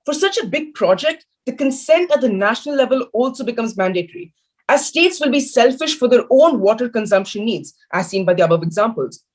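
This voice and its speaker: A man's voice: a little fast, low-quality recording. A teenage boy giving an emphatic, argumentative school debate speech against a motion over a video call. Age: teens. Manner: emphatic, argumentative, lively pitch. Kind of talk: formal competitive debate speech.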